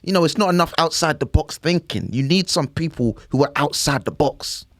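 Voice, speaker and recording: A man's voice: a little high, brisk, no room sound, clean studio sound. A man co-hosting a podcast, talking in a loose, rambling way and often checking "do you know what I mean". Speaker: podcast co-host. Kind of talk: casual chat.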